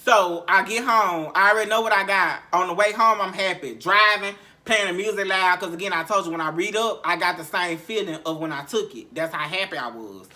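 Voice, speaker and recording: Bright-voiced man telling a raw story. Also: high-pitched, brisk, hardly any pauses. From Memphis, Tennessee. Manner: profane, repetitive, heavy sighs, emotional recounting. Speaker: podcast host. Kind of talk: candid storytelling monologue.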